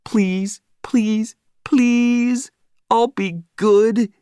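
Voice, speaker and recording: A man voicing an excitable young male pet dog in an audiobook, speaking in a high, drawn-out, pleading voice. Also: smooth, no room sound, clean studio sound, full character voice.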